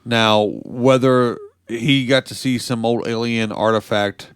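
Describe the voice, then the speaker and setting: A man's voice: mid-range voice, fairly even intonation, takes it slowly, smooth, dry recording, clean studio sound. A man from the United States co-hosting a comedy podcast, reading news stories aloud and adding sarcastic mock explanations. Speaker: podcast co-host. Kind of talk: casual comedy podcast banter.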